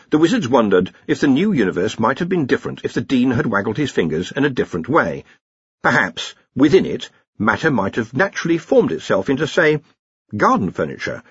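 A man narrating an audiobook in an expressive, wry storytelling manner, in a slightly dull recording. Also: medium pitch, slightly rough, dry recording. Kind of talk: audiobook reading with character voices.

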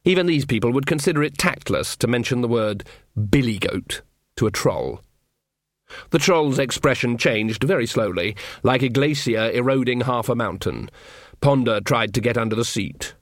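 A man's voice: mid-range voice, expressive, normal speed, no echo. Man narrating in a dry comic tone. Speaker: audiobook narrator. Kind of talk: scripted narration.

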